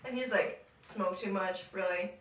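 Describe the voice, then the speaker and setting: A young woman co-hosting a podcast, telling a story in a casual, animated way, laughing often and acting out what people said. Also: medium pitch, moderate pace, distant mic. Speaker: podcast co-host. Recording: echoey room, voice off-mic.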